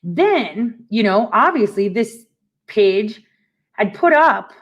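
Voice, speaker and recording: A woman host of a casual commentary show who talks at a middling pitch. She rants in a sarcastic, profane and animated way, swinging between scorn and excitement. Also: takes it slowly, highs cut off.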